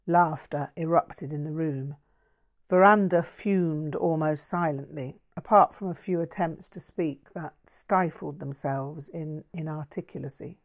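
A woman narrating a first-person memoir aloud in a dry, wry, measured way. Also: deep voice, darkish tone. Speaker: audiobook reader.

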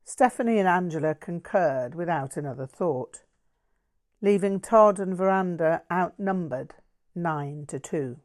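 A woman narrating a first-person memoir aloud in a dry, wry, measured way. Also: fairly low pitch, lively intonation, a little mellow. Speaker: audiobook reader.

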